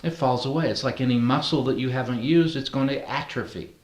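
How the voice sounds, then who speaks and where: A man's voice: medium pitch, a little fast. Man teaching a group in an echoey room. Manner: conversational, asks the group questions. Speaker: NLP trainer. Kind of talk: classroom teaching.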